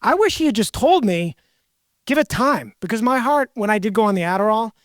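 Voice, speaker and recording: A woman's voice: on the high side, expressive, brisk, dry recording, clean studio sound. A woman hosting a casual podcast conversation, rambling and correcting herself as she goes. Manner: rambling, self-correcting, chatty. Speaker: podcast host.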